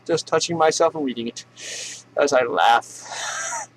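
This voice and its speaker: A man's voice: fairly high pitch, takes it slowly, noisy background. A man hosting a comedy news show, ranting sarcastically and profanely and laughing at his own jokes.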